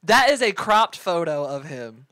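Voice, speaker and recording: Sardonic man with quick quips. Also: a little high, very animated, sharp tone, dry recording. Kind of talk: casual podcast banter. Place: studio.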